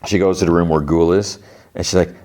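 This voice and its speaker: A man's voice: deep voice, steady tone, fairly quick, warm tone. A male podcast host recapping a TV episode in a chatty way, full of fillers, acting out the dialogue.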